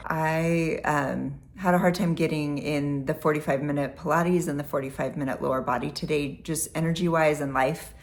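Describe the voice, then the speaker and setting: Tired low-voiced woman. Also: fairly even intonation, normal speed, hardly any pauses. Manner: tired but proud. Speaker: fitness program member. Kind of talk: casual video testimonial.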